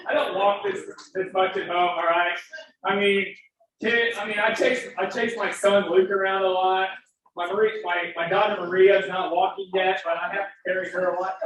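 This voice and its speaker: At a live event, a man with a high, slightly bright voice makes a fervent, emphatic fundraising appeal to the audience, breaking into emotion. He sounds distant in a very echoey hall with faint noise.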